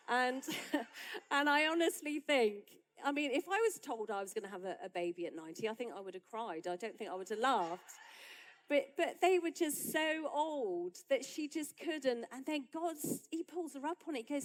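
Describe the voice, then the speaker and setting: A woman pastor, preaching a sermon in a conversational, lively way that builds to emphatic peaks. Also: high-pitched, moderate pace, poor audio.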